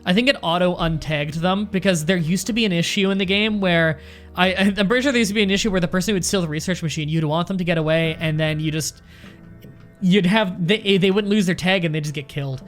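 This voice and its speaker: Let's play host: a man with a slightly high voice, chatty and rambling, thinking out loud during casual commentary. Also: a little fast, soft background music.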